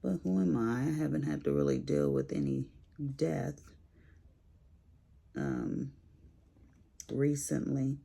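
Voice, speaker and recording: A woman's voice: a bass voice, huge pitch swings, slow pace, vocal fry, long pauses, mellow. A woman chatting casually while she does a craft on camera, sassy and rambling as she tells stories. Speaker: crafting vlogger. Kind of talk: casual chat while diamond painting.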